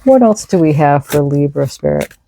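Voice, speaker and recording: A woman's voice: deep voice, animated, moderate pace, noisy background. A woman giving an enthusiastic, casual tarot reading, reading out card messages and explaining them. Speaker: tarot reader.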